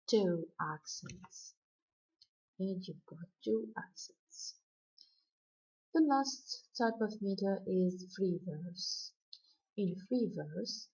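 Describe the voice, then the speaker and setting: Husky woman teaching slow and step by step, video lecture, dull lo-fi sound. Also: on the low side, dark tone. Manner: methodical, step-by-step explaining. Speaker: literature lecturer. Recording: dull lo-fi recording.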